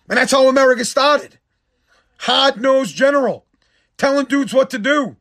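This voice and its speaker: A man's voice: very high voice, moderate pace, long pauses, a bit bright. A man delivering a heated, profane, sarcastic sports rant. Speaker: sports commentator. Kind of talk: ranting sports monologue.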